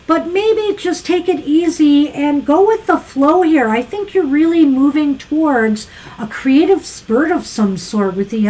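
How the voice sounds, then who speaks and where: High-voiced woman giving a tarot reading. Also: a little mellow, poor audio. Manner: thoughtful, musing, frequent fillers. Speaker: tarot reader co-host. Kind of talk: casual live tarot reading.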